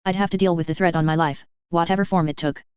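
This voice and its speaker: Female audiobook narrator; steady, measured, crisp voice on a slightly dull recording. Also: on the low side, dry recording. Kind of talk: first-person audiobook narration.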